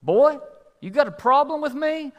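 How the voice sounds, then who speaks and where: Guy doing a huge mad trucker dude, loud and high-pitched, picking a fight, echoey hall. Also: expressive, moderate pace. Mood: angry. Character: big angry trucker man, gruff and confrontational.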